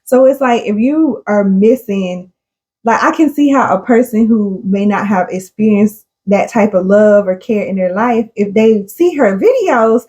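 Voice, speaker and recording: A woman's voice: medium pitch, measured pace, warm tone. A woman co-hosting a casual chat podcast, talking earnestly and effusively and laughing often. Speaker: podcast co-host.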